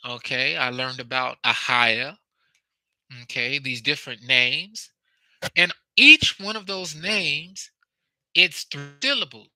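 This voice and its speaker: A young adult man in a casual teaching talk, speaking deliberately and playing with his voice's inflections to make points. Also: mid-range voice, animated, bright, forceful tone, no room sound, low-quality recording. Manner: slow, deliberate, demonstrative with vocal inflections. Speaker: host.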